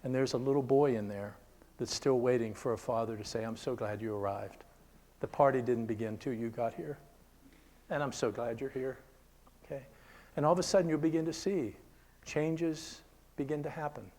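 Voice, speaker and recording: An older man giving a conversational sermon at a Christian seminar, earnest and often checking in with his listeners, sometimes dropping to a hushed whisper. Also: medium pitch, normal speed. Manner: drops to a hushed whisper when telling stories.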